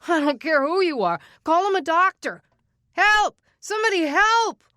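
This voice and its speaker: A woman voicing a bedridden male hospital patient who yells for help in a panic. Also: medium pitch, unhurried, no room sound, studio quality, natural voice. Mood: shouting. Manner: panicked shouting.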